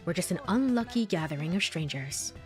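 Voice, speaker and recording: An aloof young woman who brushes everyone off in a flat, dismissive voice, read aloud by a woman playing a visual novel. She keeps a level, unfriendly tone. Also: on the low side, brisk, faint music behind, natural voice. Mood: cold. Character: cold, standoffish young woman.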